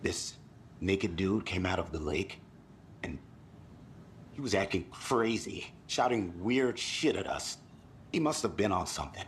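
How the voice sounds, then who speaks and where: A man's voice: deep voice, a little slow, pauses often, slight background noise. A man voicing a jittery, rattled male tourist in a video game, telling what he saw in a rambling way. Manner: animated, rambling storyteller.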